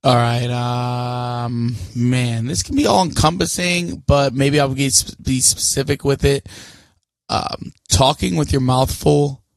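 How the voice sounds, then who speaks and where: A man's voice: mid-range voice, a little slow, vocal fry, dry recording. A man co-hosting a casual podcast chat, ranting bluntly with plenty of swearing. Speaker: podcast co-host.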